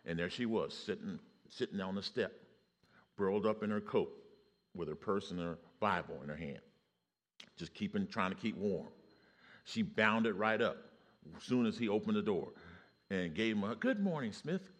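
A deep-voiced man preaching to a congregation. He tells his stories in a steady, conversational way and now and then rises to a loud call. His voice sits very low. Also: moderate pace, long pauses. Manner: storytelling, rising to loud exclamations. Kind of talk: sermon.

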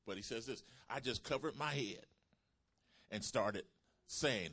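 A male preacher delivering a sermon in a bright, forceful voice. He drives his points home with emphatic calls to the congregation, his voice sitting at a middling pitch for a man. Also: a little slow, breathy edge.

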